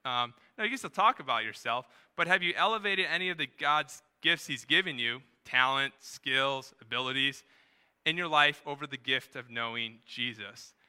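A male pastor preaching a sermon to a live church service in a conversational way, with quick asides and rising emphasis. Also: mid-range voice, sharp tone, clean tone. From New Hampshire, USA.

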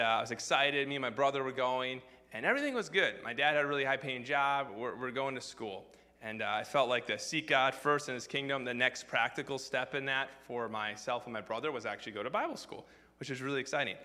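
A man's voice: medium pitch, bright, forceful tone, big-room sound. A man preaching a sermon, telling a personal story in a casual, filler-heavy way. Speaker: pastor.

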